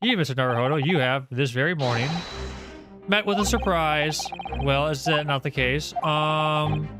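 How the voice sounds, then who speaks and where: A man voicing a pompous eccentric detective who lectures grandly about his deductions, in a lowered, drawn-out voice. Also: over music, lightly acted. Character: pompous eccentric great detective, male adult.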